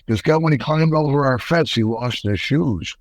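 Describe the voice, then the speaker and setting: A man's voice: medium pitch, moderate pace, rough recording. Older man telling a wild story. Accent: American. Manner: animated, folksy, acts out quotes. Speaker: podcast guest, retired wrestler. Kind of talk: casual storytelling interview.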